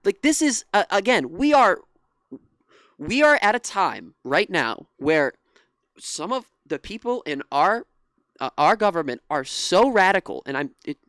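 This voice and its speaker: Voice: medium pitch, sing-song, unhurried, fairly bright tone, no echo, clean studio sound. Frustrated, indignant young online commentator. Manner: frustrated and indignant, with restarts and swearing. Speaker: political commentary YouTuber. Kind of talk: reaction commentary.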